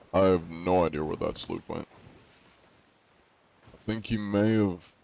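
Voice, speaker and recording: Man, game streamer, casual live-stream chat, playful and jokey, room at home, fairly low voice. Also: vocal fry, a little mellow.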